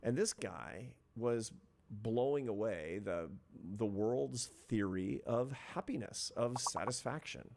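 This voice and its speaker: A man's voice: mid-range voice, animated, takes it slowly, creaky, darkish tone. A middle-aged man, an interview guest and social scientist, telling a reflective story in an earnest, step-by-step way.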